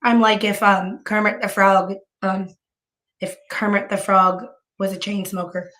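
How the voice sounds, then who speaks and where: A woman live streamer chats casually with her viewers, her voice hoarse from bronchitis and heavy with vocal fry as she rambles and keeps restarting her sentences. Her pitch is medium and a little bright, her delivery flat, her pace measured.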